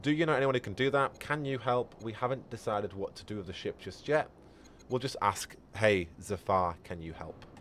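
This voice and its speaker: A man's voice: medium pitch, a little fast, fairly bright tone, a little hiss or hum. A man giving chatty live gameplay commentary and answering viewers as a streamer. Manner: chatty, reads chat aloud. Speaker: game streamer.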